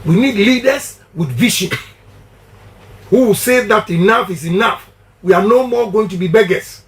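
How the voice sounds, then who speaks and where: Man, Ghanaian English accent, middle-aged, high-pitched, emphatic, repetitive slogans, preacher-like. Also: normal speed. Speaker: politician giving a radio interview. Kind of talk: campaign interview.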